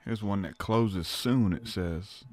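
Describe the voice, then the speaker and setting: A man hosting a podcast, making prank calls in a relaxed, casual drawl. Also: on the low side, slow pace, no room sound. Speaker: podcast host. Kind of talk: prank phone call.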